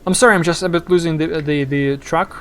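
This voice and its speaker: Halting, word-searching man streamer. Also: on the high side, fairly even intonation, a bit bright, smooth. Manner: rambling, halting, searching for words. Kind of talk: casual live game commentary.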